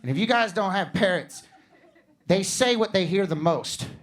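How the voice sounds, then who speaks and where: A man in his thirties with a fairly high voice performs a stand-up set, animated and quick to swing into loud mock voices. He comes from Missouri. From Missouri, USA. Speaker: stand-up comedian.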